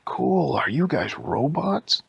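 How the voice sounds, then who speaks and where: A man's voice: fairly high pitch, big pitch swings, slow pace, creaky, husky, no echo, highs cut off, pitched above the performer's own voice, exaggerated voice. A man voicing an eager, curious young boy in a bedtime story.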